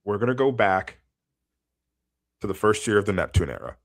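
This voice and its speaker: A man's voice: on the low side, big pitch swings, moderate pace, gravelly. A man co-hosting a sports podcast in casual chat, rambling with many fillers and frequent laughs. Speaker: podcast co-host.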